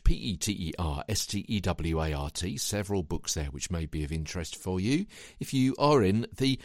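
Lively low-voiced man hosting a podcast. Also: dry recording, clean studio sound. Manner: lively, sing-song delivery with big pitch swings. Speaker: podcast host and voice coach. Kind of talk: solo instructional podcast.

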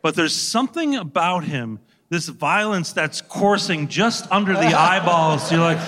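Man, high bright voice, lively storytelling, laughs a lot, reverberant hall. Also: a little slow, a little hiss or hum. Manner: animated, laughing, occasional swearing. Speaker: actor guest. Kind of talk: anecdotal talk show storytelling.

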